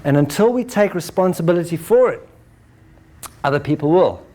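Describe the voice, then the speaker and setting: A man giving a lecture to an audience, animated, acting out examples and ending points with "right?". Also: fairly high pitch, moderate pace. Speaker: speaker.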